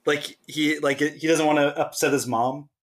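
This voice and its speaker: A man hosting a casual sports podcast, chatting and joking with quick asides. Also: on the high side, fairly even intonation. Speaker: podcast host. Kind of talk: casual chat.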